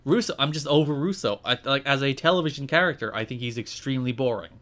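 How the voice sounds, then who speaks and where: A man co-hosting a podcast in casual chat, recapping events in an animated, joking manner. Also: medium pitch, quick pace. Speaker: podcast co-host.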